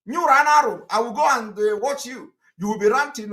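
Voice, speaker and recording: A man's voice: very high voice, fairly quick, hardly any pauses, sharp tone. A man giving a combative, mocking live political broadcast, laughing at his critics. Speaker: activist broadcaster.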